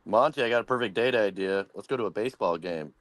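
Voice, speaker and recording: A man's voice: lowish voice, fast, a bit bright, no echo. A man hosting a comedy roast call show, riffing with joking, crude banter. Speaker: host. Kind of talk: casual comedic roast chat.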